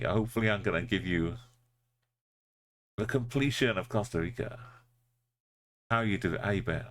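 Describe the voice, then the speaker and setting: A man's voice: low-pitched, moderate pace, pauses often, fairly bright tone. A man live-streaming, muttering directions to himself as he plays and chatting casually with his viewers. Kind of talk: live stream chat while playing.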